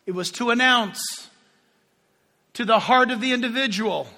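Male pastor, animated sermon storyteller, bright tone, long hall reverb. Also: very high voice, unhurried, pauses often. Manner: animated storytelling, addresses the congregation.

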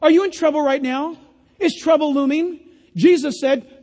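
Older male pastor, high animated voice. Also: moderate pace. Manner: animated preacher, acts out quoted voices, folksy humor. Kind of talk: sermon. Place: church. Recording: long reverb of a church hall.

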